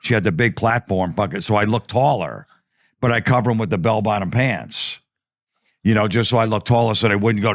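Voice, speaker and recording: Low-voiced man telling a profane story. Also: a little fast, dry recording, clean studio sound. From New Jersey. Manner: profane, animated storytelling with acted-out quotes. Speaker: comedian guest. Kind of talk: comic storytelling.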